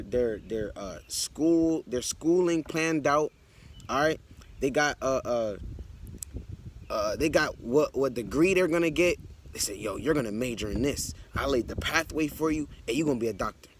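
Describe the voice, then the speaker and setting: Blunt man preaching from scripture. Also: on the high side. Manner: blunt, conversational preaching, peppered with "all right" and "man"; reads scripture aloud, then explains it. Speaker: Bible teacher. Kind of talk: street-style Bible teaching.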